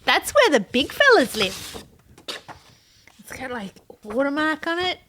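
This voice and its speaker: Chatty woman vlogger, slightly high voice. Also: big pitch swings, normal speed, pushed and bright. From non-US, immigrant to the USA. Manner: chatty and playful, with dry asides and whispered jokes. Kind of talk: casual personal vlog narration.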